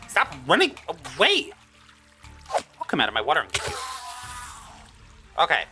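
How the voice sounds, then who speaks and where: Lively gamer voice, excitable let's-play commentary, startled yelps, talks to the mobs, music playing behind. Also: mid-range voice, moderate pace, pauses often. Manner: excitable, frequent startled exclamations. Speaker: gaming video creator. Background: background music.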